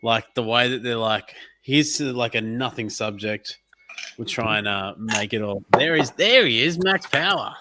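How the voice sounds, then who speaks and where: A man's voice: mid-range voice, a little slow, heavy background noise. A man co-hosting a livestream in a chatty, jokey, easygoing way. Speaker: livestream co-host. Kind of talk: casual chat.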